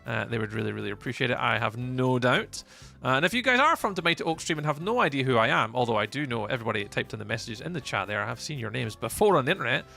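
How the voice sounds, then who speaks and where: A man's voice: medium pitch, big pitch swings, fast talker, vocal fry, bright, forceful tone. A man from Scotland with a Scottish accent, streaming a game live and chatting easily with viewers, greeting and thanking them by name as he reads their messages aloud.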